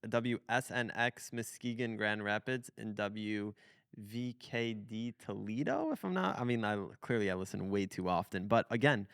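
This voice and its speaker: A man's voice: on the low side, lively intonation, normal speed, creaky, a bit bright, clear, resonant tone, no echo, clean studio sound. A man in his twenties hosting a podcast in a casual, rambling chat, full of fillers and restarts. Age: 20s. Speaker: podcast host.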